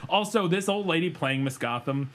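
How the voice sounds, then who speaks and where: A man's voice: on the high side, lively intonation, moderate pace, background noise. A man co-hosting a podcast, chatting loosely about a bad movie, rambling, laughing and swearing freely. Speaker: podcast co-host. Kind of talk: casual chat reviewing a film.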